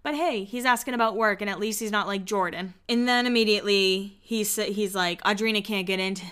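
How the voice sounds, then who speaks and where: A woman hosting a podcast, recapping reality TV in a chatty, snarky, animated way. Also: medium pitch, fairly quick, clear, resonant tone. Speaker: podcast host. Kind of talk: casual reality-TV recap chat.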